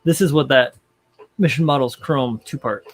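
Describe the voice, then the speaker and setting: A man's voice: mid-range voice, moderate pace, breathy edge. Young guy rambling on his hobby stream, swears a lot, says um and like constantly. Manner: rambling, filler-heavy, swears casually. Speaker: livestream host. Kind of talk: casual livestream chat.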